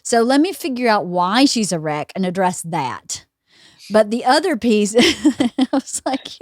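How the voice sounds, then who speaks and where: Woman in her 40s chatting on a podcast, high bouncy voice, laughs a lot. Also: a little slow, dry recording, clean studio sound. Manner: animated storytelling, laughs a lot. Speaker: podcast host. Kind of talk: casual chat.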